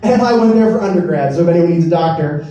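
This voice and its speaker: A man's voice: on the high side, fast, dark tone, lo-fi sound. A young man doing a rambling, self-deprecating stand-up set on a comedy club stage. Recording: roomy, distant club recording. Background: audience laughter.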